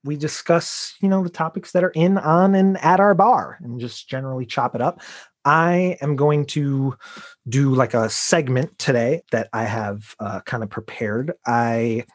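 A man from Chicago co-hosting a podcast, easygoing and quick to laugh as he introduces segments. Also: medium pitch. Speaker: podcast co-host, bartender. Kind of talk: casual chat and segment intro.

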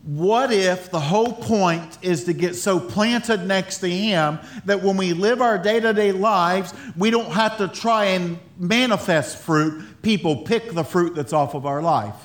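A man's voice: sits high, unhurried, few pauses. A man preaching a sermon in a loose, conversational way, breaking into laughter and restarting his sentences. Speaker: pastor.

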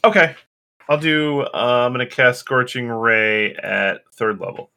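A man playing a tabletop game, talking eagerly and quickly about the rules. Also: medium pitch, vocal fry, bright, forceful tone, clear, resonant tone. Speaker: player. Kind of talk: casual tabletop game talk.

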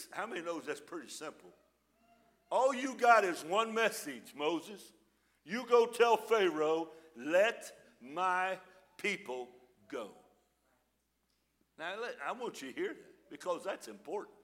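A male pastor delivers a sermon in a high, bright voice. He reads scripture aloud slowly with dramatic pauses. Between passages he talks to the congregation in a folksy, plainspoken way.

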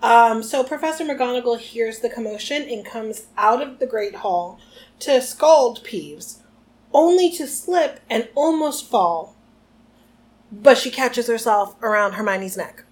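A woman co-hosting a podcast in casual chat, chatty and animated, sometimes reading passages aloud. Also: a little high, a little slow. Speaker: podcast co-host.

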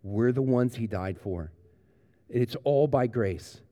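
A man preaching a sermon as pastor, retelling a story earnestly and then moving into a quiet prayer. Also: medium pitch, expressive, takes it slowly, in a large hall.

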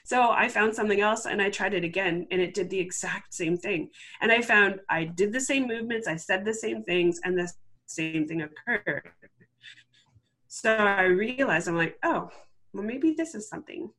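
A woman's voice: medium pitch, moderate pace, a bit bright. A woman guest telling a personal story in a casual, chatty way, full of "like" fillers and acting out what she once said. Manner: chatty, full of "like" fillers, acts out her own past words. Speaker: interview guest.

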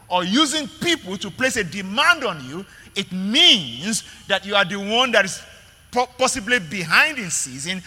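A man's voice: high-pitched, pushed and bright, long reverb tail. A male pastor preaching a sermon in an emphatic way, repeating words and calling out to the congregation.

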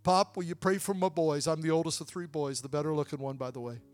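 A young male preacher with a high voice delivers a sermon, telling a story in a warm conversational way and then rising into shouted, drawn-out appeals. Soft instrumental music plays faintly behind him. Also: fairly even intonation.

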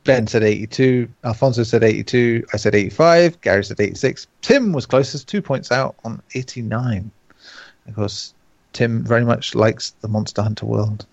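Male podcast host, casual and profane, gravelly, dry lo-fi sound. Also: mid-range voice, moderate pace, a little mellow, dry recording. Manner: laughing, swearing, joking. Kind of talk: casual gaming podcast chat.

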